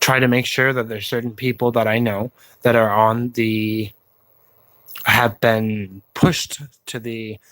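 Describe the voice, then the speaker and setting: Slow, earnest man talking to viewers. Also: mid-range voice, fairly bright tone, no room sound. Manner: slow, halting delivery with pauses and fillers; encouraging, plain-spoken. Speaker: YouTube vlogger.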